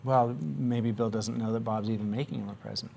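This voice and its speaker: A man's voice: mid-range voice, steady tone, a little fast, creaky, warm tone, slight background noise. A man teaching a classroom lesson, patiently asking questions and having students repeat after him.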